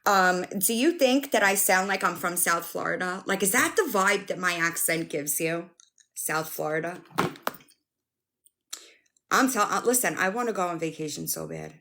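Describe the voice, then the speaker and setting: Animated woman chatting on a live stream. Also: fairly low pitch, moderate pace. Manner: animated, chatty, swears and laughs often. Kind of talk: casual live-stream chat.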